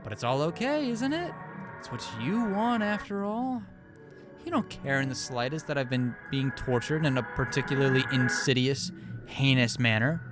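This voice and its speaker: A man's voice: mid-range voice, sing-song, moderate pace, natural voice. A man voicing a shy, obsessive teenage girl, speaking in a solemn, overwrought way. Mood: despairing. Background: background music.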